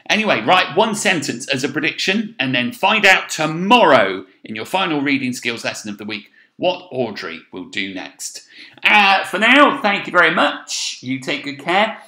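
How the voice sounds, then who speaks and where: A male primary school teacher gives a recorded remote reading lesson. He is encouraging, thinks out loud, and checks in with "okay?". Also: fairly high pitch, sing-song, normal speed, echoey room. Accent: English.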